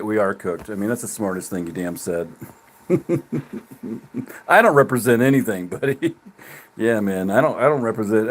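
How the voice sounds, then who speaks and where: Profane, mocking male livestreamer. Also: mid-range voice. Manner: mocking, profane, laughing often, swings from loud to muttering. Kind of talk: livestream rant to chat.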